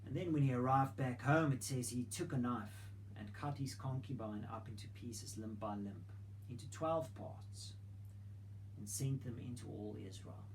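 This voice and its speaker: Preacher retelling a grim story. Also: male voice, mid-range voice, a little slow, slight background noise, low-quality recording. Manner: dramatic retelling with rhetorical questions. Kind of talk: sermon storytelling. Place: church hall.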